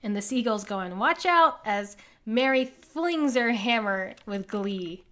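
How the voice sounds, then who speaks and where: A woman reading a children's picture book aloud in an animated way, pointing out the pictures with small laughs. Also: mid-range voice, takes it slowly. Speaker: conservation group organizer reading to children.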